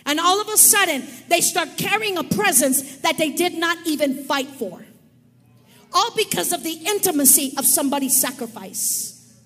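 A woman preacher giving an emphatic sermon, repeating key words and calling on her listeners to shout them back. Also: very high voice, animated, moderate pace, in a large hall, soft background music.

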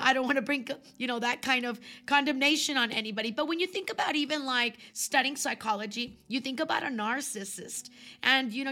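A woman hosting her own podcast, teaching from scripture in a chatty, conversational way and slowing down to read verses. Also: a little high, sharp tone. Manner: chatty, many fillers, slows down for scripture. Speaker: podcast host and Bible teacher.

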